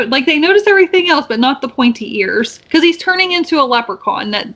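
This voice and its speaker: A woman co-hosts a podcast and recaps a movie in loose, rambling chat. Her voice sits a little high, and she keeps stacking up fillers and restarts. When she quotes the characters, her pitch jumps up to act out their lines. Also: lively intonation, fast talker, a bit bright. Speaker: podcast co-host.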